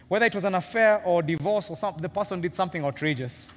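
A man with a Kenyan accent preaching a sermon as senior pastor, animated and humorous, acting out characters and laughing often. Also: sits high, fast, hardly any pauses, soft background music. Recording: long hall reverb.

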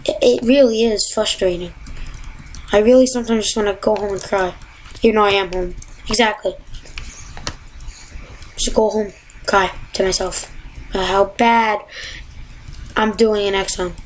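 A woman giving casual, excitable commentary while playing a video game at home, often exasperated and yelping at tough jumps. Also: mid-range voice, measured pace, pauses often, a little hiss or hum, low-quality recording. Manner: exasperated, excitable, yelps and gasps. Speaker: gamer.

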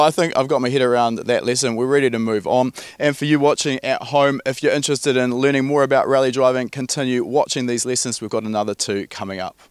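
A man's voice: mid-range voice, no room sound, studio quality. A man hosting a driving show, talking about his lesson and addressing viewers as an upbeat presenter. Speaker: show host and student driver. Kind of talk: presenter chat and outro.

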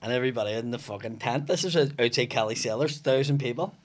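A man's voice: mid-range voice, fast talker. A man with a Belfast accent chats in a podcast studio. He is a comedian telling stories, and he curses constantly. He acts out every line of dialogue in his tales. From West Belfast, Northern Ireland. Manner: swearing, animated storyteller acting out dialogue. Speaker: comedian guest. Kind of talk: casual podcast chat.

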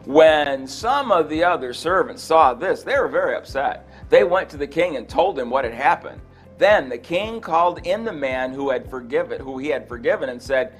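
A man teaching a sermon on a parable in a conversational, animated way, acting out the quotes and chuckling between points. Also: on the high side, normal speed, faint music behind. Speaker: Bible teacher.

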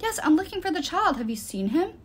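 A frantic, out-of-breath male satyr-like spirit , put on by a woman reading aloud. His voice climbs high and loud as he pants and repeats himself. The pitch sits well above her narration voice. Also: big pitch swings, a little fast.

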